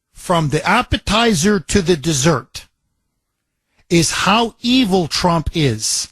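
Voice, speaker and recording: A man's voice: fairly high pitch, breathy edge, dry recording. A man hosting a political talk radio show, delivering an impassioned, emphatic monologue full of repetition.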